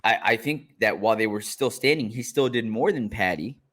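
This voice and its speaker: A man's voice: fairly low pitch, a little fast, a bit bright. A man co-hosting a podcast, talking through a fight in easygoing casual chat. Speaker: podcast co-host.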